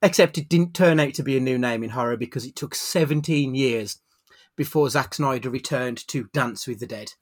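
A man's voice: mid-range voice, normal speed. A man hosting a casual podcast over webcam, jokey and given to swearing, building up his film introductions with a dramatic flourish. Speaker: podcast host.

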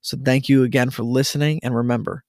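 A man in his thirties hosting a casual solo talk for listeners, earnest and stumbling over repeated words when he gets excited. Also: medium pitch, fast. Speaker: podcast host.

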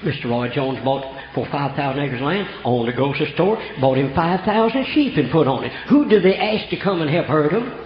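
A man's voice: on the high side, animated, fairly quick, hardly any pauses, slight background noise. An older man preaching a folksy storytelling sermon, from Oklahoma, with homespun rural grammar. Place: church. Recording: echoey church room, dull lo-fi sound.

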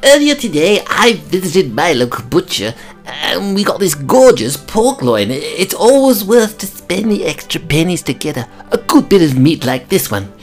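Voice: medium pitch, very animated, normal speed. Earnest sketch performer with music behind. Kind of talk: sketch comedy.

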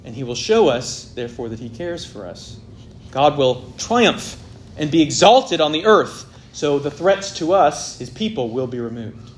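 A man preaching an expository sermon, swelling loud on key points and dropping very soft, with faint noise behind him. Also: on the high side, very animated, a little slow.

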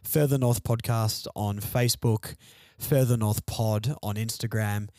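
A man's voice: fairly low pitch, fairly even intonation, unhurried, a little mellow, dry recording, studio quality. A man hosting a fan podcast alone, venting frustrated, sardonic opinions about his team's loss. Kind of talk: solo sports podcast rant.

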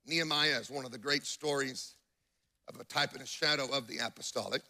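A man's voice: medium pitch, brisk, pushed and bright. A man preaching a sermon to a congregation in church, emphatic and telling stories with acted-out quotes.

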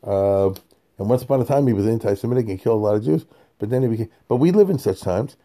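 Mellow-voiced man teaching a chatty scripture class. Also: medium pitch, quick pace. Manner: digressive, chatty, checks in with listeners; chuckles between points. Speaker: Torah teacher.

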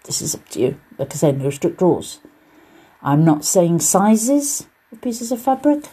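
A woman's voice: fairly low pitch, very animated, unhurried, warm tone, husky. A woman hosting a casual solo podcast about quilting. She talks in a chatty, encouraging way with loose, rambling asides. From United Kingdom. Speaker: podcast host and quilting teacher.

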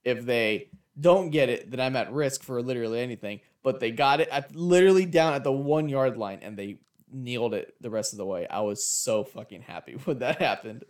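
A man with an ordinary mid-pitched voice talks football in a relaxed, jokey way. He swears freely and casually. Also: a little fast, few pauses. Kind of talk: casual sports chat.

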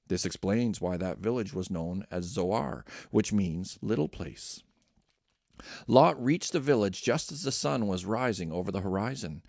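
Gravelly guy reading scripture, steady pace, dry close sound. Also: lowish voice, moderate pace, no room sound. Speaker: scripture reader.

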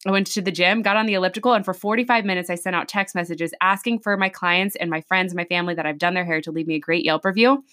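A woman who works as a hairstylist, co-hosting a podcast and telling a story in a chatty, animated way, acting out the voices of the people in it. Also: on the low side, quick pace, few pauses. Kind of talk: casual storytelling chat.

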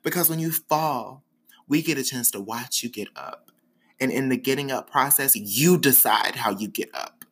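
A man's voice: medium pitch, moderate pace, breathy edge. A man hosting his own podcast, talking frankly and dramatically about his life in a candid monologue. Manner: dramatic, expressive storyteller; frank and sassy. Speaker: podcast host.

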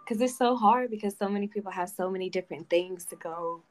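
A woman hosting a casual interview, asking curious questions in a relaxed way. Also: medium pitch, fast talker, low-quality recording. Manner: curious, casual, full of fillers. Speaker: podcast host.

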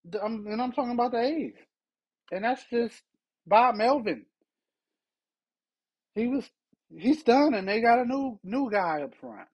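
A man's voice: very high-pitched, animated, a little slow, long pauses, slightly rough, highs cut off. Exasperated man ranting about sports. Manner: exasperated ranting, rhetorical questions. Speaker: podcast host. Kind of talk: solo sports rant.

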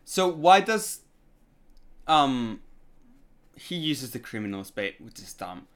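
A man's voice: mid-range voice, very animated, takes it slowly. A man co-hosting a podcast, picking apart a film scene with pointed questions and stammered restarts. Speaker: podcast co-host. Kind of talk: casual film review chat.

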